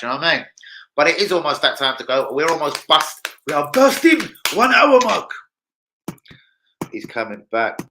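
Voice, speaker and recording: A man's voice: mid-range voice, pushed and bright, slight background noise, rough recording. A young man, hosting a casual football livestream, rambling and swearing in street slang. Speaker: football channel host.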